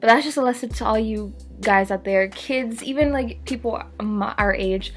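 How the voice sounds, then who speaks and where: Young woman, storytime vlog, lively and swearing, slightly high voice, faint music under. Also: normal speed. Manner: animated, swearing, acts out panicked quotes. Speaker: youtuber telling a story. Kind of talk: casual storytime chat.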